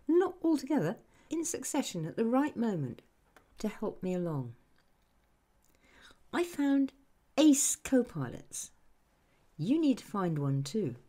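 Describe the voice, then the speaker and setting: Woman, unhurried self-help speaker, dark mellow tone, animated pitch. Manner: speaks to the listener directly, acts out other people's remarks. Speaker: author giving a self-help talk. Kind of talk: reflective motivational monologue.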